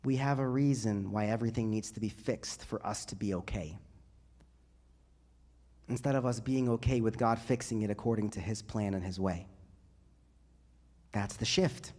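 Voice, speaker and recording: A man who is a priest, giving a sermon to a youth group in a church and building to loud, rising emphasis through repeated phrases. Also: lowish voice, normal speed, pauses often.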